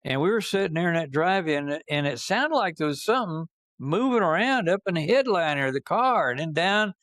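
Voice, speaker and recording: A man's voice: on the high side, lively intonation, fairly quick, fairly bright tone, dry recording, studio quality, pitched above the performer's own voice. An older man voicing an eager young airman. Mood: puzzled.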